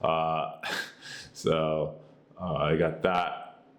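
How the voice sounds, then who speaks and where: This American man reviews an app in a loose, meandering way, stretching his words out over a level tone. Fillers pile up, and he keeps coming back to "boom" and "you get the idea." He's a tech reviewer.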